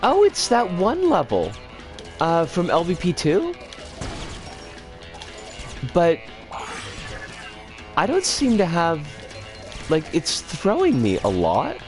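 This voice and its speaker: A woman commentates her live game stream in a loose, chatty ramble. Her pitch swings wildly from low grumbles to high squeals. Faint game music plays behind her. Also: huge pitch swings, slow, pauses often, a little mellow. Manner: chatty, rambling, bursts into frustrated outbursts. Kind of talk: casual live-stream commentary while playing.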